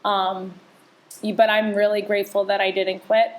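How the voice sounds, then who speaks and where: A woman's voice: medium pitch, little pitch movement, normal speed. Candid, chatty woman podcast host. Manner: candid, emotional, chatty with many restarts. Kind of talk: casual chat.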